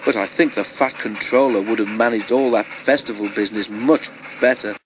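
A man's voice: on the low side, moderate pace, noisy background, natural voice. A man voicing a small, eager male tank engine who sounds wistful and plaintive in a storybook reading.

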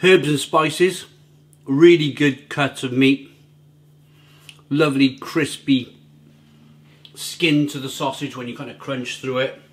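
A man's voice: mid-range voice, steady tone, slow, long pauses. A man hosting a casual food review vlog at home, talking in a chatty, rambling way and often repeating his words. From Britain. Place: at home, near the grill.

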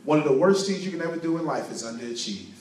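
A man's voice: on the high side, expressive, racing, darkish tone. A man giving a motivational sermon, preaching emphatically and telling a story to a responsive crowd. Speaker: motivational speaker. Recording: very echoey room, distant mic.

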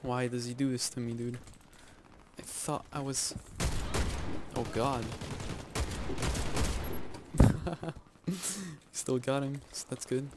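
A man giving live gameplay commentary, excitable and self-mocking, yelping and groaning as he plays. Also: medium pitch, measured pace, very noisy. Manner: excitable, yelps and groans at in-game deaths; self-mocking, joking asides. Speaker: video game YouTuber. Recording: loud game gunfire under the voice.

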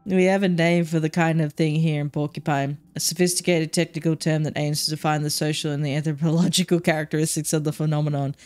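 A woman's voice: sits low, level tone, fast talker, hardly any pauses, a little mellow, no room sound, lightly acted. A woman voicing a blunt, teasing older nurse in a story game, reading her lines in a dry, matter-of-fact way.

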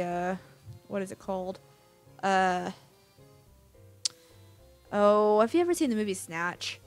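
A woman giving casual let's-play commentary, rambling and thinking aloud as she plays. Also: medium pitch. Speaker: gamer.

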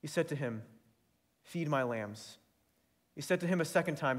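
A man's voice: fairly high pitch, animated, moderate pace. A young man preaching a sermon, earnest and building to fervent emphasis.

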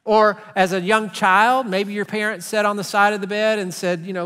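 A man's voice: sits high, steady tone, normal speed, few pauses, sharp tone, smooth. A middle-aged man with a Texan accent preaching a sermon as pastor, earnest and conversational, sometimes acting out voices for humor. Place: large church sanctuary. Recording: long hall reverb.

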